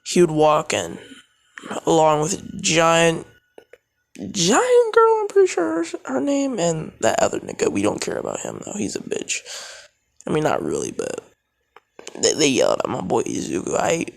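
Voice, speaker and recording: A man's voice: a little high, huge pitch swings, normal speed, creaky. A man casually improvising a fan-made story, rambling into profane asides as he goes.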